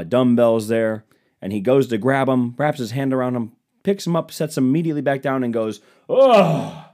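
A man's voice: mid-range voice, darkish tone. A young man hosting a podcast who tells comic stories in a casual, profane, self-deprecating way. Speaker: podcast host. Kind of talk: comedic storytelling monologue.

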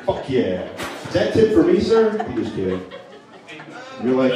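A man's voice: medium pitch, huge pitch swings, moderate pace, long pauses, mellow. A man doing a stand-up set with crowd work in a comedy club, crude and often laughing at his own jokes. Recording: echoey room, mic from distance.

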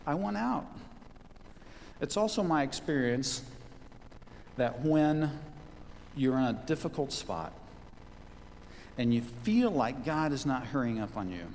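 A man's voice: mid-range voice, animated, unhurried, long pauses, darkish tone, big-room sound, slight background noise. A man preaching a sermon as a pastor, emphatic, repeating key phrases for stress.

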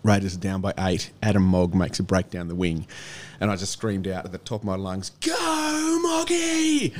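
A lower-pitched Australian man in his fifties chats as a guest on a radio show. He rambles through stories at an easy pace, often breaking into a chuckle. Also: level tone, fairly quick, a little mellow. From Canberra, Australia. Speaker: guest musician. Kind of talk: casual radio chat.

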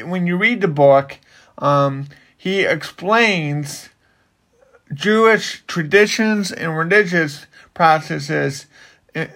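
A man's voice: a little high, a bit bright. A man who works in ministry, explaining a Bible passage in casual, rambling talk with frequent restarts. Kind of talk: casual Bible study chat.

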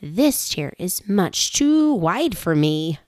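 A woman voicing a hungry, tired little girl in a storybook reading, speaking slowly and drawn-out. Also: lowish voice, very animated, darkish tone, no echo.

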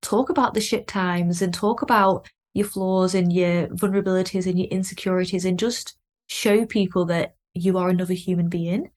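A woman's voice: on the low side, steady tone, moderate pace, darkish tone. A woman hosting a podcast, talking in a chatty way with lots of fillers and easy laughter. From Lancashire, England. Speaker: podcast host. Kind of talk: casual podcast chat.

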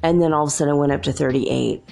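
A woman's voice: low voice, very fast, creaky, a little mellow, soft background music. A woman hosting a show, telling chatty, rambling stories in a casual monologue and laughing often. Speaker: show host.

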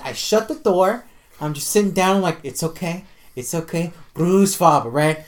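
Animated, profane storytelling man. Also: sits high, normal speed. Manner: animated, profane storyteller who acts out quotes. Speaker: podcast co-host. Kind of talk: casual chat, storytelling.

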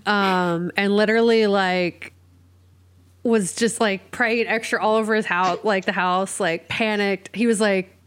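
A woman co-hosting a podcast, chatting in a wry, self-deprecating way. Her voice sits at a middle pitch for a woman. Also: steady tone, a little slow. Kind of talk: casual chat.

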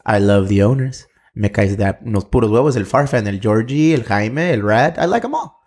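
A man's voice: fairly low pitch, brisk, darkish tone. A man from San Diego hosting a podcast, joking crudely and mixing Spanish slang into casual banter. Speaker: podcast host.

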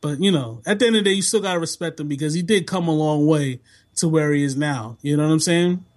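A man talking casually on a podcast, animated and emphatic, laughing often. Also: fairly high pitch, fast talker. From half Bajan, family in Toronto. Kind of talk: casual chat.

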